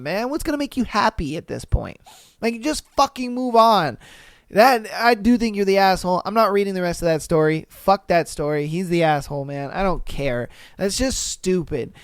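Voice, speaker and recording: A man's voice: sits high, normal speed, clear, resonant tone, no room sound, clean studio sound. A man hosting a podcast, reading a story aloud and then ranting bluntly with plenty of swearing. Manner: blunt, profane, animated rants. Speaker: podcast host. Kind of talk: reading and reacting to stories.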